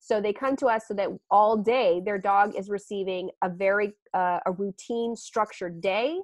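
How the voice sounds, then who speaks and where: A woman dog trainer talks through her program on a podcast in an animated, chatty way. Her voice sits mid-range for a woman. The recording is close and dry, with no room sound. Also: medium pitch, normal speed, dry recording. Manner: animated, laughs often, acts out quotes. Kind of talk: podcast interview.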